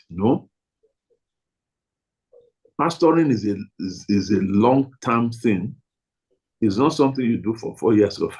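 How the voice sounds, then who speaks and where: A man's voice: medium pitch, warm tone, breathy edge, poor audio. A man leading a training talk for pastors, emphatic and repetitive, leaning hard on single words.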